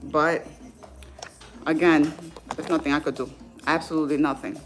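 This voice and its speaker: A woman's voice: low voice, steady tone, moderate pace. A woman in her thirties speaking candidly and from the heart in a casual livestream, as a fitness vlogger. Faint music plays behind her. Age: 30s.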